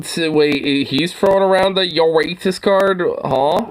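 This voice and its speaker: A young man with a slightly high voice talks through a clip he is watching. He swears freely, sounds incredulous and often breaks into laughter. His asides are loose and offhand. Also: measured pace, slight background noise. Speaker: reaction streamer. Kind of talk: casual video reaction commentary.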